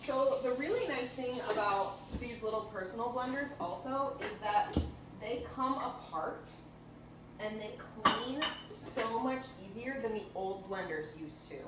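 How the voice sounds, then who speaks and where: A woman's voice: on the high side, a little slow. A woman co-hosting a casual cooking demonstration, explaining things in a chatty way with frequent fillers. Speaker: cooking show co-host. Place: home kitchen. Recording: echoey kitchen with background noise.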